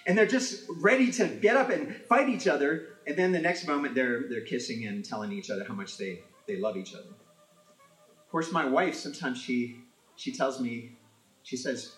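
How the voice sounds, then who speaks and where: A man from an Italian-American family telling comic stories in an animated way, acting out voices as he goes. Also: mid-range voice, normal speed, roomy sound, rough recording. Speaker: storyteller. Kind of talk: comic storytelling.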